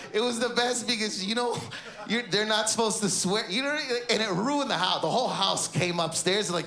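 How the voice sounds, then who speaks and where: Animated male stand-up comic, roaring crowd. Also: sits high, a little fast. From Canada. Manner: animated, acts out family members in shouted bursts. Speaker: stand-up comedian. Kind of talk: stand-up comedy set. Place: comedy stage before a live audience. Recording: echoey venue with loud crowd laughter.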